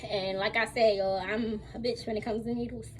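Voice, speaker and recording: A young woman telling a casual storytime to her viewers, candid and slangy, animated as she retells what happened. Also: fairly high pitch, moderate pace, slight background noise, poor audio. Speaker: vlogger.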